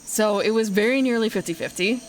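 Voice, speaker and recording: A woman's voice: medium pitch, a little fast, poor audio. A young woman streamer chats over her game in a mid-range voice, rambling and self-correcting as she goes. She talks loosely and informally, swearing now and then, with a faint bed of background noise under the mic. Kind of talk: casual game commentary.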